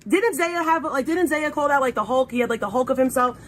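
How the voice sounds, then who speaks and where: A woman from New York City hosting a livestream panel, loud, profane and animated, and yelling when she flames people. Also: high voice, fairly quick. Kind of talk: heated livestream argument.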